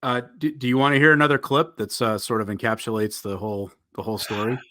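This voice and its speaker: A male podcast producer speaks hesitantly as he sets up a clip. His voice is bright and forceful, a little low in pitch. The sound is dry with no room around it. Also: steady tone, quick pace, no room sound. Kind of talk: casual chat.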